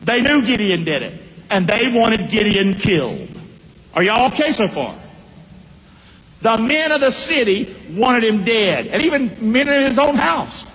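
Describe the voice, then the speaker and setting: A man preaches with swooping, animated delivery, calling out to his congregation for answers. His voice sits high for a man and swings freely from line to line. Long reverb from a large hall trails every phrase. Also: unhurried. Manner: animated, call-and-response with congregation. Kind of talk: sermon.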